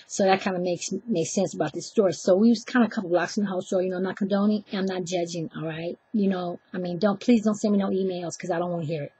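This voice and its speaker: Husky woman telling a story. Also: on the low side, fast, few pauses, no room sound. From Oakland, California. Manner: chatty, animated, acts out voices, self-deprecating asides. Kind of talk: live personal storytelling.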